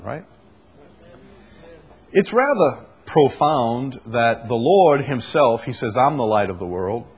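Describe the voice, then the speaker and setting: A man preaching a sermon in a conversational way, reading scripture aloud and explaining it, often clearing his throat. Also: mid-range voice. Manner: conversational, with fillers and restarts, reads scripture aloud.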